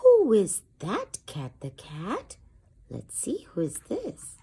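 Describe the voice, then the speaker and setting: A woman hosting a channel and reading a picture book aloud to children, slow and sing-song as she stretches out the words. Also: sits high, wildly swooping pitch, warm tone.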